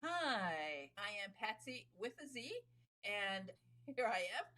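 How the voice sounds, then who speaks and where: A woman's voice: medium pitch, sing-song, slow, sharp tone. A woman hosting an interview on a video call, asking friendly questions. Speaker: host. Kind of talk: interview conversation.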